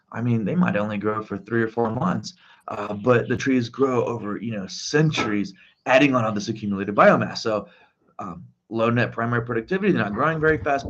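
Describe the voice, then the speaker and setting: A man's voice: on the low side, muffled recording. A man teaching a biology class in a casual, rambling way, recording his lecture outdoors in a forest. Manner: chatty, rambling, with fillers.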